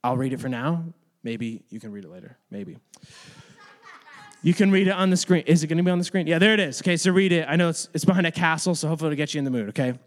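High-voiced man teaching a Bible lesson. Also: fast. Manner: chatty, animated, addresses kids directly. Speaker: youth or kids' ministry teacher. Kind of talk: casual Bible lesson to kids. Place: room with children.

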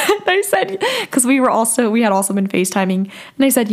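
Candid, laughing young woman podcaster, high voice. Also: very animated, brisk. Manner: candid, laughing, swears freely. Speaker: podcast host. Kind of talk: casual podcast storytelling.

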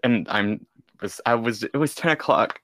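A man's voice: medium pitch, moderate pace, fairly bright tone, no echo. Goofy young man in casual chat. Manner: goofy, joking, laughs often. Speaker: podcast co-host.

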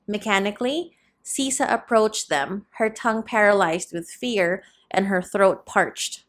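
A woman's voice: medium pitch, unhurried. Woman narrating a novel. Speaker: audiobook narrator.

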